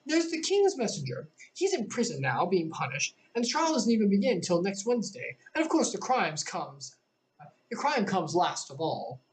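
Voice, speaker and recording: A woman reading aloud and voicing a fretful old queen who cries out in high squeals. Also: very animated, normal speed, slight background noise, natural voice. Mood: prim.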